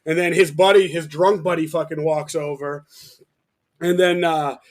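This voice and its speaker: A man with a notably high speaking voice, chatting casually on a podcast. He tells a story in an animated, profane way and slips into quoted voices as he goes. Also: moderate pace. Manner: animated, swearing, acts out quotes. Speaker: podcast co-host, bass player.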